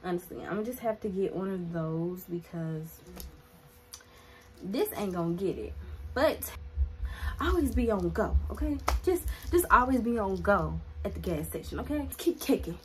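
A woman telling a personal story to her viewers in a casual vlog, animated and chatty, filling her talk with "like". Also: medium pitch, moderate pace, rough recording. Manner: animated, chatty, heavy use of "like", talks straight to viewers. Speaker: vlogger.

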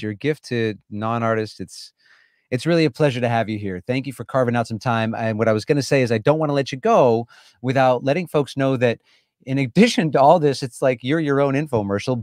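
A man's voice: medium pitch, fairly quick, a little mellow, no room sound, clean studio sound. A man hosting a live stream, chatting with a guest in an effusive, enthusiastic way. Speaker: host. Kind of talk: casual live-stream chat.

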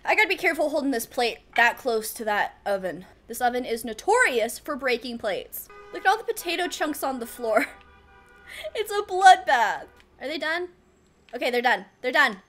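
High-voiced flustered woman gaming. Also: animated, brisk, bright, forceful tone, soft background music. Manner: flustered, self-mocking, laughs often. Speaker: let's play gamer. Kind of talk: casual gameplay commentary.

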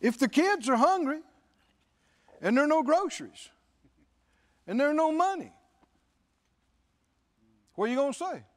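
A male pastor preaches with an unusually high voice that swoops expressively up and down. He speaks emphatically, repeats phrases for weight, and quotes scripture often, taking his time and pausing frequently.

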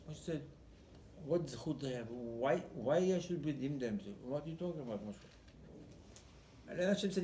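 Man, rabbi, sermon, animated storytelling, repeats words, roomy echo. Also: on the high side, a little hiss or hum. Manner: animated storytelling, acting out dialogue with rising emphasis; halting, repeats words while searching for phrasing. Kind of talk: Torah sermon. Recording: roomy echo, faint background ambience.

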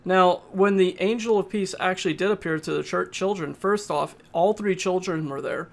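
A man giving a casual, halting spoken movie review, often pausing and restarting his sentences. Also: high voice, gravelly. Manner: plain, halting, with frequent uhs and restarts.

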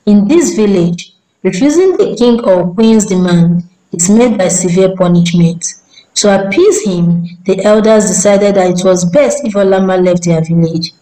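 A woman tells a folk tale in a steady, measured way. Her voice sits at a middle pitch with a dark, mellow tone. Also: poor audio. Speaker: storyteller. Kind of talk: scripted story narration.

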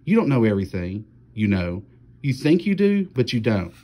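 A furious, sulky young boy snaps and shouts bitter retorts at his sister, put on by a man reading a storybook aloud. The voice sits somewhat low, with short, heated lines. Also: very animated, moderate pace.

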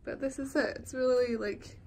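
A woman's voice: sits high, fairly even intonation, normal speed, a little mellow, slight background noise. Bubbly young woman vlogging. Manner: bubbly, gushing, many fillers and laughs. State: stuffed up with a cold. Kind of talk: casual vlog chat to camera. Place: hotel room and city streets.

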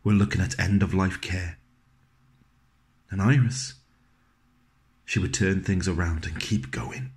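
A man with a very deep voice delivers a scripted dramatic monologue. He tells it in a gentle, wry way, dropping into low, soft passages. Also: fairly even intonation, a little slow, pauses often. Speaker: actor performing a monologue.

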